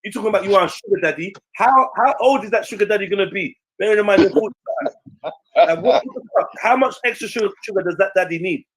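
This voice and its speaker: A man, telling a story in casual chat, animated and slangy, swearing freely and acting out what others said. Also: sits high, quick pace, breathy edge, rough recording. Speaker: stream panelist.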